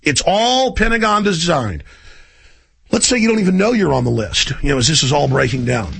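A middle-aged man hosting a radio talk show, ranting intensely and rapidly in a conspiratorial tone. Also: a little high, big pitch swings, gravelly, fairly bright tone, a little hiss or hum.

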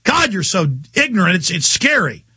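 A man hosting a talk radio show, ranting in a heated, mocking, combative way and swinging his pitch for effect. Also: very animated, normal speed, bright, forceful tone, slightly rough, no echo. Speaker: radio host. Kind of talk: heated on-air rant.

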